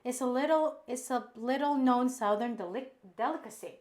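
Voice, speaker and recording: A woman's voice: on the high side, moderate pace, a little mellow. Chatty woman hosting a cooking stream. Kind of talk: casual chat, reading chat aloud.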